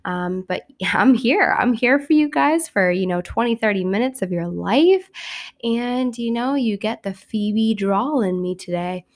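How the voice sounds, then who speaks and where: A young adult woman hosting a casual solo podcast, hoarse and raspy from a cold, chatty and joking at her own expense. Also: on the high side, animated, measured pace. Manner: chatty, self-mocking, upbeat. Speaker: podcast host.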